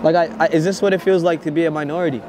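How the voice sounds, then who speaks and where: Guy vlogging on a busy street, kinda high voice, jokey, crowd noise all around. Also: steady tone, racing. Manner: joking, teasing banter. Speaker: vlogger interviewing people on the street. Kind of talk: casual street vlog chat. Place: city street outdoors on a match day.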